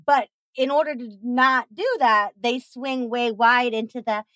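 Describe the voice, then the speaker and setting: A woman's voice: fairly high pitch, lively intonation, slow pace, fairly bright tone, no echo, rough recording. A woman hosting a podcast, chatting energetically and emphatically, swearing freely and acting out quotes. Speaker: podcast host. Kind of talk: casual interview chat.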